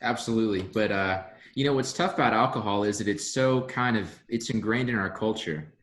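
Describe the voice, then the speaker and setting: Low-voiced man hosting a chat. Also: a little fast. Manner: relaxed, reflective, many fillers. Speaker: podcast host. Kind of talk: casual interview chat.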